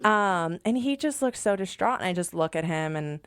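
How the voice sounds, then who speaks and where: A young woman guest in a studio, recounting a hard personal story in an animated way and slipping into the voices of the people she quotes. Her voice sits fairly low for a woman, and the sound is close and dry with no room echo. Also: moderate pace, clean tone. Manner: animated, acts out remembered dialogue. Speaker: podcast guest.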